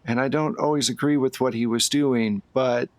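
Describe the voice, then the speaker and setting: A man doing a tender, steady father. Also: mid-range voice, moderate pace, no echo, close to an everyday voice. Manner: soft, tender.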